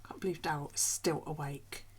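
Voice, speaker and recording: A woman's voice: deep voice, fairly even intonation, a little fast, slight background noise. A woman, chatting casually and swearing freely while live-streaming from home at night. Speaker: craft streamer.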